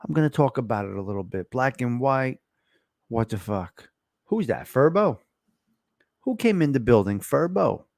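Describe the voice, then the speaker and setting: With a sing-song, moderately paced delivery and long pauses, this Italian-American host from New Jersey chats on a casual livestream, reading live comments and asking how his mic sounds. His mid-range voice has a darkish tone, recorded on a close desk microphone with no room sound and a clean studio finish.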